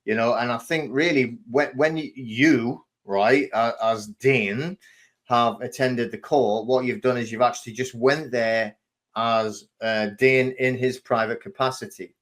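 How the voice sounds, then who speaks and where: A man hosting a casual interview, asking questions in a halting way with many restarts and fillers. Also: mid-range voice, steady tone, fairly bright tone. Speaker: host.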